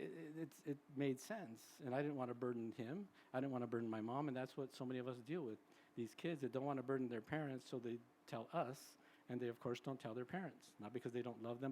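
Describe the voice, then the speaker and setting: A psychologist in his sixties gives a conversational public talk at a symposium, a live event, sounding chatty and often tagging sentences with "right?" to check in. His voice is mid-range with a darkish tone, and there's a little hiss or hum.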